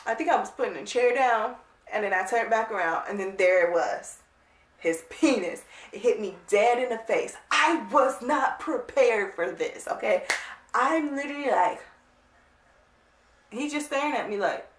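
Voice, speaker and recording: A woman vlogger telling a casual storytime, animated, blunt and emphatic. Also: on the high side, normal speed. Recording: roomy, distant mic.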